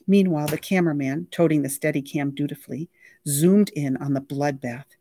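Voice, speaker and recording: A library reader reading a novel aloud with lively, expressive storytelling. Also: mid-range voice, brisk, no room sound, studio quality.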